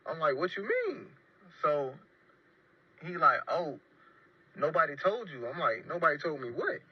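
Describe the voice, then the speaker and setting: A man's voice: on the high side, normal speed, slightly rough, dull audio. A man telling a personal story casually and emphatically, often repeating his phrases. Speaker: storyteller in a played clip.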